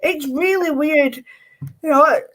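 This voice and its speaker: A woman's voice: high-pitched, takes it slowly, fairly bright tone. A woman guest chatting casually on a video call, hedging often with filler phrases.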